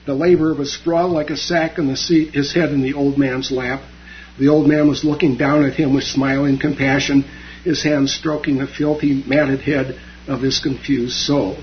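A man giving a dharma talk, retelling a story with frequent fillers and pauses. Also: medium pitch, flat delivery, muffled recording, a little hiss or hum. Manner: halting, many fillers.

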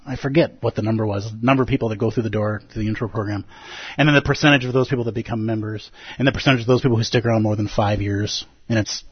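A man with a husky, slightly breathy voice gives a casual, playful Zen dharma talk to his group. The recording is dull and lo-fi, with a dry, close sound and no room around it. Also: mid-range voice, dry recording. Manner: conversational and playful, with frequent "like" and "right?". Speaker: Zen meditation teacher.

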